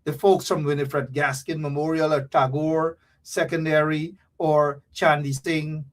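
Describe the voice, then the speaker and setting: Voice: mid-range voice, flat delivery, a little slow. Caller, casual and exasperated, repeating phrases on a talk show.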